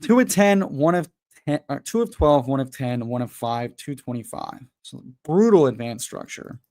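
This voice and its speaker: A man's voice: medium pitch, expressive, normal speed, darkish tone. Profane ranting male livestream host. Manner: profane, exasperated ranting, then chatty with viewers. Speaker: fantasy football livestream host. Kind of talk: casual livestream chat and rant.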